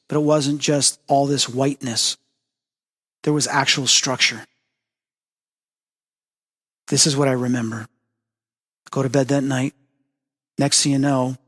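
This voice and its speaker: A man hosting a spiritual talk show, telling personal stories in an earnest, animated way and acting out the dialogue. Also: mid-range voice, big-room sound. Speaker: host. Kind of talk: personal storytelling monologue.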